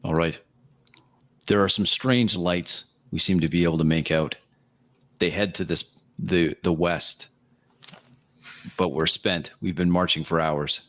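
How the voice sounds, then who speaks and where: A man playing a character in a tabletop game, calm and in character. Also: low-pitched, measured pace, long pauses. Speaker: player.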